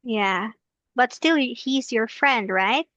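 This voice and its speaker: Slow, patient woman tutoring English. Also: fairly high pitch, a bit bright, dry recording, highs cut off. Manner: patient, explaining, asks many questions; laughs easily. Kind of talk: online one-on-one English lesson.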